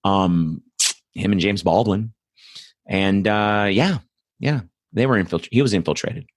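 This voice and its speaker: A man's voice: fairly low pitch, a little slow, no room sound, studio quality. A man hosting a political commentary show, talking in a blunt, profane, rambling monologue full of asides. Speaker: host.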